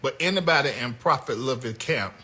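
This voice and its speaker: An American man hosting a comedic commentary show, ranting bluntly with loud outbursts. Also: medium pitch, fairly quick. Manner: animated, blunt, yelling outbursts. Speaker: host.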